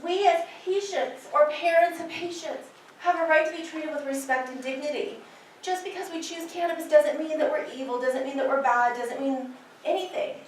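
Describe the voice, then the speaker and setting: A woman's voice: high voice, steady tone, moderate pace, far from the mic, a little hiss or hum. Impassioned woman lecturing in an echoey hall. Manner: impassioned, personal. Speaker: nurse educator. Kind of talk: lecture to nurses.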